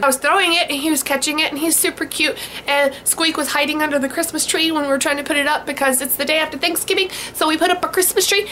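A woman chatting in a casual vlog into a camcorder, bubbly and excited, with many fillers. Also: high-pitched, slight background noise. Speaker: vlogger.

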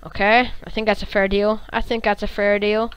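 Excitable woman doing gameplay commentary. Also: medium pitch, normal speed, clean tone, no room sound, low-quality recording. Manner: excitable, reactive, curses, hums tunes. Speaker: gaming channel host.

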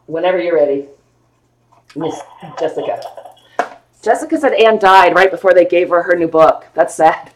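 A woman with a fairly low voice hosts a live online sale of old books. She chats playfully and gushes over the paper and maps. Her talk is loose and easygoing. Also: normal speed, pauses often, slight background noise. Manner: gushing, playful, chatty about old books. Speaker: host selling vintage books on a live stream. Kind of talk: casual live sale chat.

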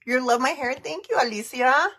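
A woman's voice: high voice, normal speed, a bit bright, husky. A woman in her thirties chatting casually on a makeup livestream, giggling often and reading viewer comments aloud. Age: 30s.

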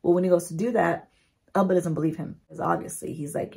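Gravelly, husky-voiced woman vlogger. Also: fairly low pitch, fast. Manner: chatty and animated, casual swearing. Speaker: beauty vlogger. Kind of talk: casual story recap.

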